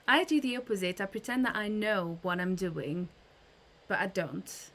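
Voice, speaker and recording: A woman hosts a casual livestream and chats with viewers, greeting them by name as they arrive. Her voice sits at a middle pitch, and her talk is loose and friendly, full of fillers and restarts. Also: lively intonation, measured pace, fairly bright tone. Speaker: livestream host.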